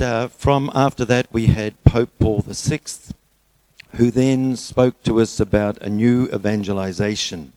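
A middle-aged man preaching a sermon, telling a joke story in a relaxed way before turning earnest. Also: medium pitch, no room sound, poor audio.

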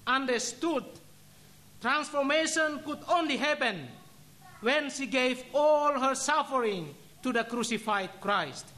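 A religious brother giving a solemn sermon, telling a story and ending in prayer with measured, deliberate delivery. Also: male voice, very high-pitched, pushed and bright.

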